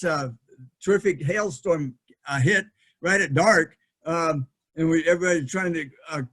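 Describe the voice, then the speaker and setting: A man's voice: on the high side, fairly bright tone. A middle-aged man giving a history lecture from slides, thinking aloud with frequent fillers and restarts.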